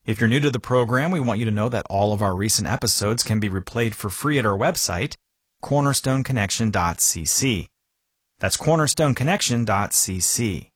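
A male radio announcer reading a scripted program break in a steady, clear way. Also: fairly low pitch, normal speed, no echo, studio quality.

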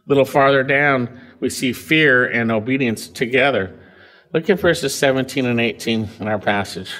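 A man's voice: normal speed, a bit bright. A man preaching an expository sermon, emphatic and conversational, with frequent asides to the congregation. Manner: emphatic, pitch rising and dropping widely between phrases.

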